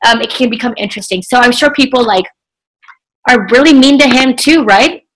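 A young adult woman talking as a guest in a casual podcast interview, chatty and animated, with many filler likes. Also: a little high, brisk, a little hiss or hum, low-quality recording. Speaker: podcast guest, social media entrepreneur.

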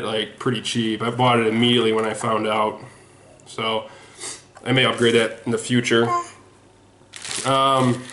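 Man, mid-pitched, casual rambling home video, slightly hoarse, echoey room. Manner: rambling and self-deprecating, with frequent ums and restarts. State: sweaty and slightly hoarse throat. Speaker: sports autograph collector showing his mail returns. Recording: echoey room with faint noise.

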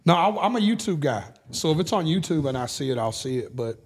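A man's voice: on the high side, very animated, quick pace, husky. A middle-aged man, a podcast guest telling candid stories and swearing freely. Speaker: guest musician. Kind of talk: casual podcast chat.

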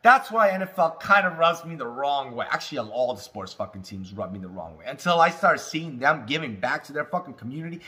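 Swearing, ranting man with a bright voice. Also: medium pitch, sing-song, fairly quick, few pauses. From Alaska. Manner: swears constantly, rants, shouts when heated. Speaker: cannabis vlogger. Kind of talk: casual profane rant. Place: home, indoors.

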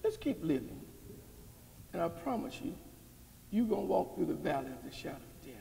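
A man preaching a sermon as pastor, calling out questions to the congregation and building to shouts. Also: on the high side, animated, fast, creaky, slight background noise. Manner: call-and-response preaching, rising to shouts. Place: church sanctuary. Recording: long hall reverb.

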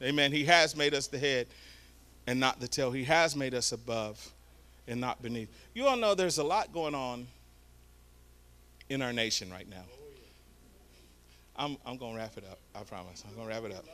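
A male pastor, preaching a sermon through animated storytelling. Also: medium pitch, moderate pace, long pauses.

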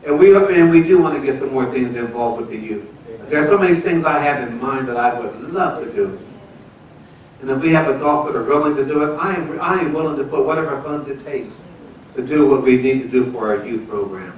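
In an echoey church sanctuary, recorded from a distance with the highs cut off, a seventy-something pastor tells a folksy, laughing story about his marriage. It comes during a service's testimony and announcements, and his medium-pitched voice moves briskly.

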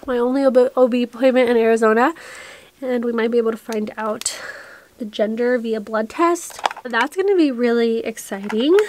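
A young woman vlogging in a chatty, rambling way, a little out of breath, talking to her camera in a cluttered room. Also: fairly high pitch. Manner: rambling, breathless, restarts often. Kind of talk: chatty get-ready-with-me vlog. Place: small cluttered room indoors.

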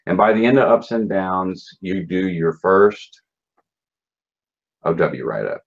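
A man's voice: low-pitched, expressive, slow pace. A man recounting his experiences in a casual interview, blunt and profane, with many fillers and restarts. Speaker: interview guest. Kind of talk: casual recounting of personal story. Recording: dull lo-fi sound.

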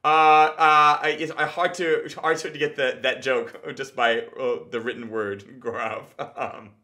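A man's voice: medium pitch, flat delivery, unhurried, pushed and bright. A man hosting a casual stand-up review, rambling with many fillers. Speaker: podcast host reviewing stand-up. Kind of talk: casual analysis.

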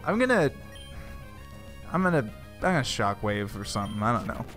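A man's voice: fairly low pitch, sing-song, normal speed, fairly bright tone, faint music behind. Goofy man joking through a game. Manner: goofy, laughing, repeats silly phrases. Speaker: let's play host.

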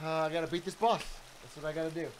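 A man's voice: on the high side, fairly even intonation, racing, a little hiss or hum. A young man commentating his own gameplay on a live stream, swearing and laughing at himself.

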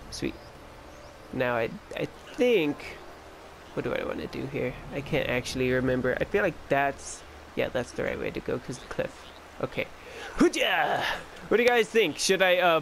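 A man's voice: on the high side, fairly bright tone, slight background noise. A young man giving casual, joking let's-play commentary and chatting to the game character. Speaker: gaming YouTuber.

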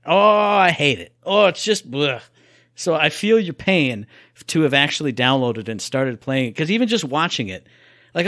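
A man co-hosting a gaming podcast, telling animated stories in casual chat and laughing along. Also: medium pitch, no echo, clean studio sound. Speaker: podcast co-host.

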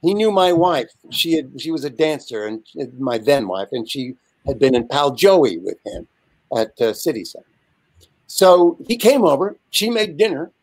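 A man in his seventies, a guest telling a lively, animated anecdote over a video call. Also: a little high, moderate pace. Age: 70s. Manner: lively, animated storyteller with frequent asides. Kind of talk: casual anecdote storytelling.

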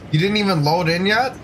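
A man's voice: sits high, background noise. A man streaming a game from home with his young son, in laid-back, casual chatter full of "dude". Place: home gaming setup.

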